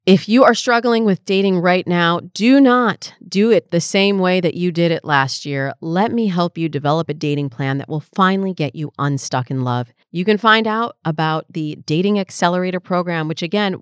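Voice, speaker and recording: A woman's voice: fairly low pitch, moderate pace, hardly any pauses, clean tone, no echo, studio quality. A woman in her forties hosting an advice podcast, answering listener questions as a dating coach in a reflective, conversational way.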